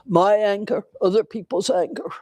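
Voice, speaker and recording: In a temple hall, an older woman gives a dharma talk, telling a personal story slowly and reflectively with pauses. Her voice is mid-range and mellow, and the recording is dry.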